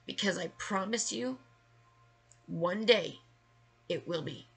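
Husky, gravelly woman ranting angrily. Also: on the low side, takes it slowly. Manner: angry, emphatic, swearing. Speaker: vlogger sharing her story. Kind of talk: emotional rant to camera.

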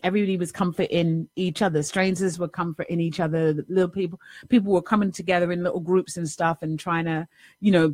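A middle-aged woman life coach telling a personal story in a lively, repetitive way, often tossing in a rhetorical "right?". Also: lowish voice, dry recording, studio quality. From New York City. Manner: animated, repeats herself, rhetorical "right?" asides.

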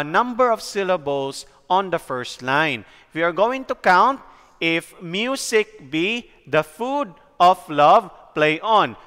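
A male teacher with a Filipino accent giving a recorded lecture, explaining slowly and often checking that students follow. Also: high voice, sharp tone, smooth, long reverb tail.

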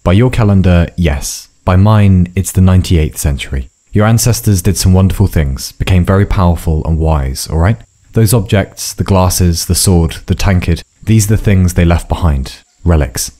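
A man's voice: sits low, moderate pace, warm tone. Sardonic old woman, as a man reads her. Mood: dry. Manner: dry, mumbling, offhand. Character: sardonic, hard-drinking old woman guide.

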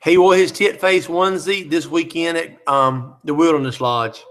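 A man's voice: on the high side, steady tone, moderate pace, a bit bright. A man hosting a live chat, reading out viewer comments and teasing them in a joking, easygoing way.

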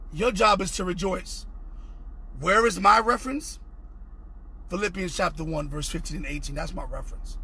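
Young male preacher, high husky voice, fervent and repetitive online sermon with shouted peaks. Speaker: pastor.

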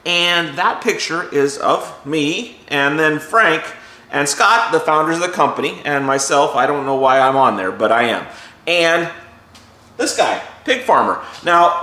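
A man's voice: fairly high pitch, sharp tone, reverberant. A man hosting his own gardening show, talking casually and folksily to his viewers. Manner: chatty, folksy, loose with restarts. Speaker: show host. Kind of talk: casual talk to camera.

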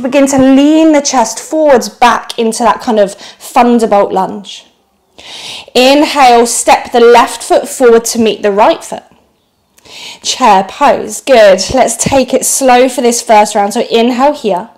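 Slow, high-pitched yoga teacher. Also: female voice. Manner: calm, encouraging breath-paced cues. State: slightly out of breath. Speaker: yoga instructor. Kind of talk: guided yoga class cues.

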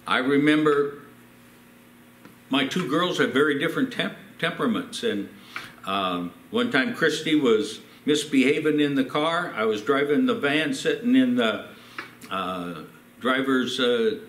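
A man's voice: mid-range voice, animated, a little slow, fairly bright tone, echoey room. An older man, a pastor, telling personal stories in a sermon and acting out the quotes. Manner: storytelling with acted quotes. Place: church.

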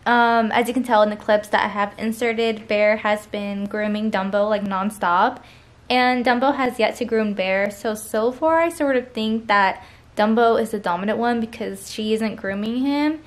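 A woman's voice: a little high, moderate pace. A tired young woman, chatting through casual vlog updates about her pets and stretching her fillers. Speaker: vlogger.

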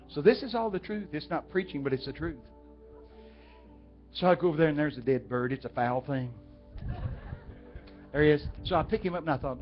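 A Texan preacher with a voice on the high side speaks a little fast but pauses often, telling folksy stories and talking directly to his listeners with questions. Faint music plays under the dull, lo-fi recording.

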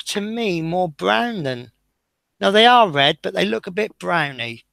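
A man's voice: high-pitched, animated, a little slow, creaky, fairly bright tone, dry recording. A man hosting a live model-building stream, chatting casually and self-deprecatingly as he talks through each step, sounding tired.

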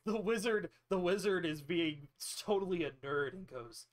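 A man's voice: high-pitched, normal speed. A man narrating a tabletop game as game master, telling the story loosely with frequent giggles.

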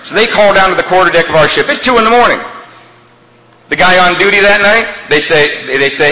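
A man speaking at a recovery meeting, telling a humorous story in an animated, comic way. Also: on the high side, brisk. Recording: echoey hall, faint ambience.

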